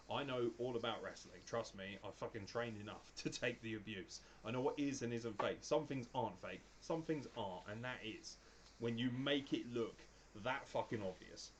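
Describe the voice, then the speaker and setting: A man's voice: mid-range voice, a little hiss or hum, rough recording. A young man co-hosting a wrestling review, opinionated and swearing freely in casual chat. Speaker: wrestling podcast co-host.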